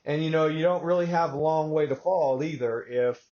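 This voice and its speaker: A man from Texas hosting a podcast, telling stories in a rambling, animated way with many asides. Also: fairly high pitch, moderate pace, lo-fi sound. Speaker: podcast host. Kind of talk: casual conversational podcast talk.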